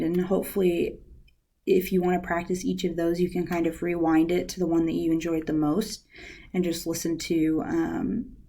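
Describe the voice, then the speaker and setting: A young woman working as a university outreach specialist, giving a casual guided lesson on counseling skills with many ums and likes. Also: fairly low pitch. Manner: relaxed, uses many fillers like "um" and "like".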